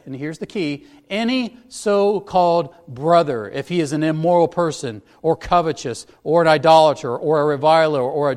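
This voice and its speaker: Working carefully through the text verse by verse, a pastor delivers an expository sermon. His voice sits a little higher than most men's, and he sounds earnest and instructive.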